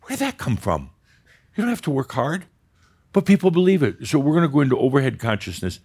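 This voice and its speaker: Lively man leading a group session. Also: mid-range voice, fast talker, breathy edge. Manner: animated, joking, pushes for specifics. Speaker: workshop leader. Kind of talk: live group session talk.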